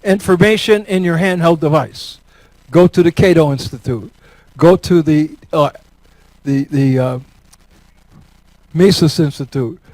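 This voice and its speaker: A man's voice: a little high, a little slow, long pauses, a little mellow, no echo, rough recording. A man from New York state gives a talk and takes audience questions, folksy and joking, repeating words for emphasis. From Elmira, New York. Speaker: guest speaker.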